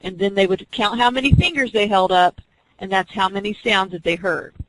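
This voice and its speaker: A woman's voice: mid-range voice, a little fast, a bit bright, no room sound, poor audio. A woman teaching an online class, explaining reading skills step by step and acting out teacher and student examples. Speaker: teacher educator.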